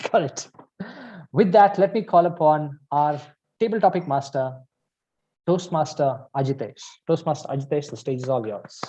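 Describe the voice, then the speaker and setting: A man hosting a speaking club meeting, speaking in a measured, drawn-out way and coaxing people to repeat a word. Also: fairly high pitch, warm tone, muffled recording. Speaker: meeting host.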